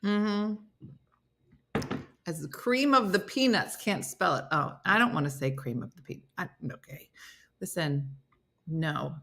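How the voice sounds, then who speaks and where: A woman's voice: fairly low pitch, animated, unhurried, long pauses, fairly bright tone. A middle-aged woman hosting a casual live stream, reading viewer comments aloud with playful, laughing asides.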